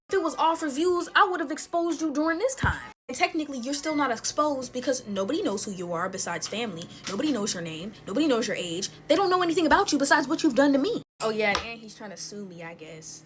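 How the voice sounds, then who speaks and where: A woman's voice: fairly high pitch, a little hiss or hum. A woman in her twenties chatting through a casual storytime while playing with slime, full of fillers and talking to viewers as y'all. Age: 20s. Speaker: TikTok storyteller.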